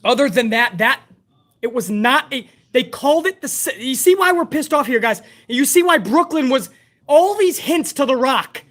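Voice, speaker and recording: High-voiced woman ranting, blunt and profane. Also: animated, normal speed, a bit bright. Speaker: wrestling show host. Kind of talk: live-stream review rant.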